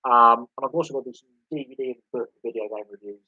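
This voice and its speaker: A man's voice: medium pitch, fast, no echo. A man in his thirties hosting a casual sports live stream, rambling with fillers and restarts on a dull lo-fi mic. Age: 30s. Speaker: sports channel host.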